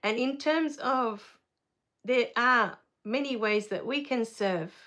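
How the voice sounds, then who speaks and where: A woman's voice: a little high, slow pace. A middle-aged woman hosting a live stream, chatting casually as she reads viewer comments, easily moved to tears. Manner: relaxed with frequent fillers.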